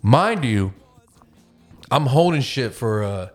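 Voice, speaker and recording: A man hosting a podcast and telling a long, animated story, swearing freely and acting out the voices of the people in it. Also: mid-range voice, takes it slowly, soft background music. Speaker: podcast host. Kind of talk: casual storytelling.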